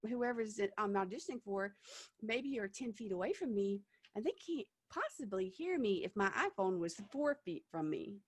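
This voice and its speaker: A woman's voice: mid-range voice, dry recording, clean studio sound. Chatty woman director coaching actors. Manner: chatty and encouraging, frequent fillers and laughs. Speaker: theatre director leading an audition workshop. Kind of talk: online workshop talk. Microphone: video call.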